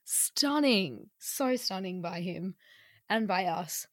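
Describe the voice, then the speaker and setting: A woman's voice: medium pitch, expressive, slow, no echo, clean studio sound. Playful woman hosting a podcast. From Australia. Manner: chatty and playful. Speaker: podcast host. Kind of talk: casual podcast chat.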